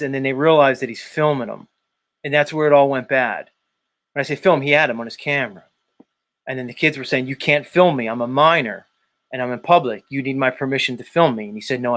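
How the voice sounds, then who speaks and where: A man hosting a live stream, talking casually in an animated, rambling way with frequent swearing. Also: medium pitch. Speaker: host.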